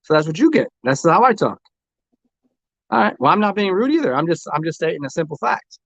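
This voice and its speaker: Man, livestream host, argumentative, stammering, slightly high voice, dry room. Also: very animated, fairly quick, vocal fry, a bit bright, no echo. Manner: argumentative, repeats himself, stammers. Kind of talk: combative livestream chat. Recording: dull, lo-fi dry home recording.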